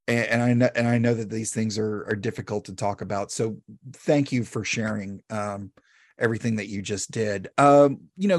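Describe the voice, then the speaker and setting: A man hosting a podcast, who tells stories in a chatty, animated way and often restarts his phrases. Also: medium pitch, dry recording, clean studio sound. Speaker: podcast host. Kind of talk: casual podcast conversation.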